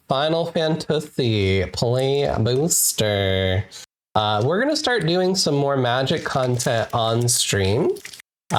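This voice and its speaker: Game streamer, casual live chat, playful, excitable, slow-paced, very animated pitch. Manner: playful, excitable, laughs often. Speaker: wholesome RPG game streamer.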